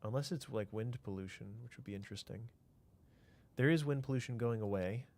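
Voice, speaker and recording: A man's voice: mid-range voice, brisk, darkish tone, slight background noise. A man streaming a city-building game, thinking aloud in a casual way, answering chat and trailing off into mutters.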